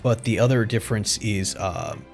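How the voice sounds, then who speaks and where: Excitable man streaming, swearing freely. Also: fairly low pitch, normal speed, vocal fry, faint music behind. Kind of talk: casual live-stream commentary.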